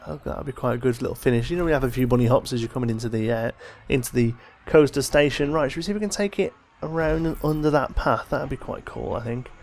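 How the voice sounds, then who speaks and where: Tired, gravelly man narrating gameplay. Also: medium pitch, quick pace, few pauses. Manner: thinking aloud, relaxed and chatty. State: tired, yawning. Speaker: let's play host. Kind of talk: casual gameplay commentary.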